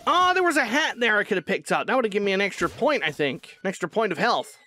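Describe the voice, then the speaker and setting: A man voicing a cheerful young martial arts hero while playing a video game, excitable and yelling when frustrated. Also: high-pitched, fast, faint music behind, full character voice. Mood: focused. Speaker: gaming channel host. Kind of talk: in-character gameplay commentary.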